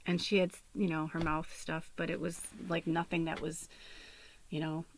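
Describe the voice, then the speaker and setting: A woman's voice: sits low, flat delivery, normal speed, a little hiss or hum. Tearful, whispery woman podcaster. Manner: tearful, often dropping to a whisper, many fillers. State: on the verge of tears. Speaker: podcast host and medium. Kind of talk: emotional personal storytelling.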